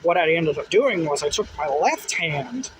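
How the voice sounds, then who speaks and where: A man's voice: fairly high pitch, moderate pace, low-quality recording. A man casually telling a dream in the first person, rambling and full of filler words. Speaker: dream testimony teller. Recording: steady noise behind, passing vehicles.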